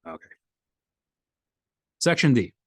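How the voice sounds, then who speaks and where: A man's voice: slow pace, no echo. A man who is a rabbi giving a conversational Torah class to a live group, explaining ideas and acting out everyday scenarios.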